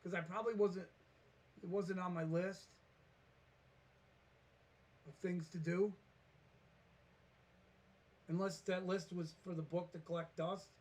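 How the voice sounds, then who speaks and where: A man's voice: sits high, slow pace, pauses often. A man casually telling a rambling story to the camera, acting out the quotes with a lot of feeling. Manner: rambling, animated, restarts and acts out quotes. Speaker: vlogger.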